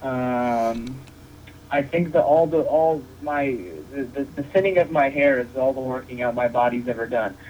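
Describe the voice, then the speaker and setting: A man's voice: mid-range voice, normal speed. Joking man with dull lo-fi sound. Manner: joking, rambling with many restarts. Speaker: wrestling referee guest. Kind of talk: casual podcast interview. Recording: dull lo-fi sound with faint noise.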